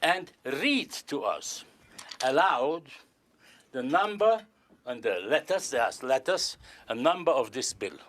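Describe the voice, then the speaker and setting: A man's voice: medium pitch, expressive, slow pace, fairly bright tone. An older man performing as a stage magician, joking and courtly with volunteers in careful. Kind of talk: live magic performance patter.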